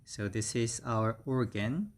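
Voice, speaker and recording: Slow, deliberate male English teacher. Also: mid-range voice. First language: Korean. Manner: slow and deliberate, repeating each word several times. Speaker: English instructor. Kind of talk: slow beginner vocabulary lesson.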